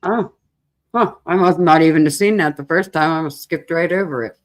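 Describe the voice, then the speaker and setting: Low-voiced woman co-host. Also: moderate pace. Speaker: podcast co-host. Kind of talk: casual true-crime discussion.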